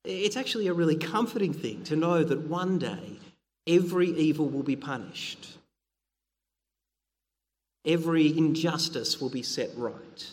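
A man's voice: on the high side, in a large hall. A middle-aged man preaching a sermon, earnest and conversational, with frequent fillers and restarts.

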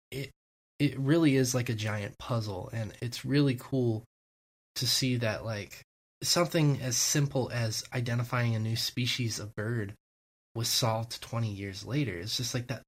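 A man's voice: mid-range voice, breathy edge. A man co-hosting a podcast, talking eagerly in long, rambling explanations. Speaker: podcast co-host. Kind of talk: casual podcast chat.

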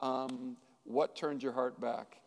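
A man's voice: medium pitch, fairly even intonation, takes it slowly, creaky, big-room sound. A man acting as a pastor, interviewing a couple with hesitant, filler-laden questions.

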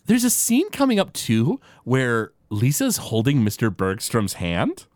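A man co-hosting a casual podcast, retelling cartoon scenes with lots of fillers and quick impressions. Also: medium pitch, huge pitch swings, a little mellow, no echo, clean studio sound. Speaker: podcast co-host. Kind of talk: casual chat recapping a cartoon episode.

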